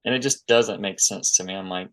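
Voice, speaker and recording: A man co-hosting a casual podcast chat, relaxed and full of fillers. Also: sits low, a little fast. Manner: relaxed, filler-heavy, lots of "like".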